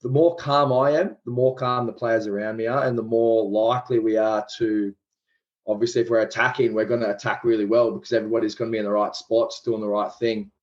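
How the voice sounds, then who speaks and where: A man's voice: on the low side, fairly even intonation, a little fast. Australian man, late twenties, chatty, easygoing slang, dull lo-fi call sound. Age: 20s. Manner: chatty, self-deprecating, loose laid-back slang. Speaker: professional rugby league player, guest. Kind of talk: casual podcast interview.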